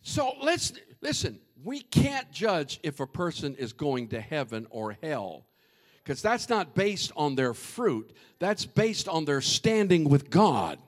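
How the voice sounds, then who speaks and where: A man preaching a humorous, animated sermon and addressing the congregation directly. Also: high-pitched.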